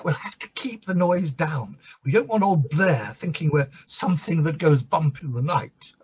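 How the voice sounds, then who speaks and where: An actor playing a tipsy, flirtatious bishop who fusses and quotes scripture. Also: male voice, on the high side, normal speed, darkish tone, slightly rough. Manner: fussy, camp, quoting scripture. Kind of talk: comic stage play reading. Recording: dull lo-fi recording.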